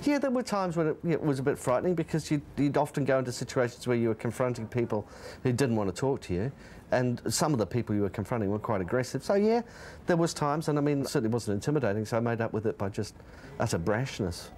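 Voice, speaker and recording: A man's voice: mid-range voice, lively intonation, quick pace, hardly any pauses, darkish tone, a little hiss or hum. A man with a New Zealand accent, interviewed in a pub, telling brash anecdotes with a chuckle. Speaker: interviewee, former tabloid consumer reporter.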